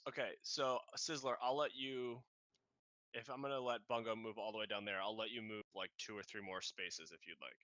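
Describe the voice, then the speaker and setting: A man's voice: fairly low pitch, fairly even intonation, sharp tone, no echo. A man narrating a tabletop game as game master, often stopping and restarting his sentences. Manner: halting, restarts mid-sentence.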